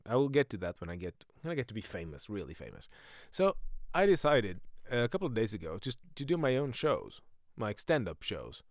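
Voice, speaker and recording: A man's voice: lowish voice, vocal fry, no echo. A man hosting a podcast in a rambling comic monologue that keeps drifting off on tangents. He jokes at his own expense, and his voice swings up and down a lot. The sound is dry and close, with no room around it. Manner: jokey, self-mocking, goes off on tangents. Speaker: podcast host and comedian.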